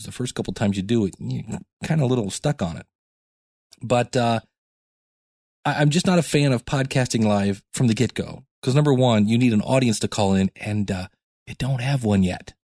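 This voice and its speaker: A man's voice: mid-range voice, a little mellow, no echo, clean studio sound. A man hosting his own podcast, talking casually and rambling with jokey asides, tired from lack of sleep. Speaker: podcast host. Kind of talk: casual solo podcast talk.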